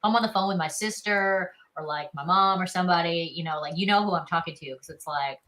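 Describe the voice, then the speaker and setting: Chatty Southern woman, low and bright. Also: a little fast, slight background noise, low-quality recording. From South Carolina, US. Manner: chatty, upbeat, many fillers like "you know" and "like". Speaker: guest, actress. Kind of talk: casual interview chat.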